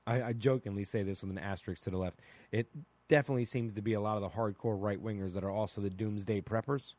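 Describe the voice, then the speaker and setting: A man hosting a solo podcast, talking through his opinions in a casual, blunt and animated way, asking "right?" again and again. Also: lowish voice, fast, no echo. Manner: casual and blunt, with mild swearing. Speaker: podcast host.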